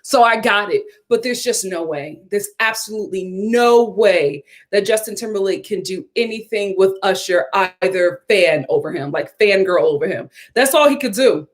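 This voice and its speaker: A young woman from Philadelphia hosting a live stream, reading viewer comments with sassy, animated chat and frequent laughter. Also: medium pitch, normal speed, few pauses.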